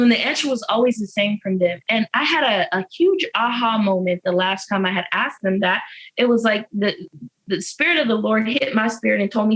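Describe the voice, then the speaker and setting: A woman's voice: mid-range voice, expressive, normal speed, fairly bright tone, poor audio. Earnest woman speaking from jail. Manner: earnest, faith-filled, emphatic repetition. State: emotional. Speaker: interview guest, incarcerated mother. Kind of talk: heartfelt personal testimony.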